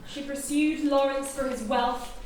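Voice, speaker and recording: Woman doing a stagey young detective for a fringe comedy-mystery, high-ish, far mic, hall echo. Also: fairly even intonation, a little mellow. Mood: explaining. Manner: theatrical, deliberate explaining. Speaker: amateur sleuth revealing the killer. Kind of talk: live stage acting. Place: small theatre on stage. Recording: echoey theatre from far, noise.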